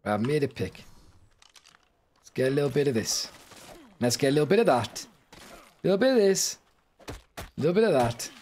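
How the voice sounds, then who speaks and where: Excitable gamer, high and lively. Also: male voice, moderate pace, pauses often, a little hiss or hum. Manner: excitable, yelps and shouts in panic. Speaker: gaming YouTuber. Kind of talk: gameplay commentary.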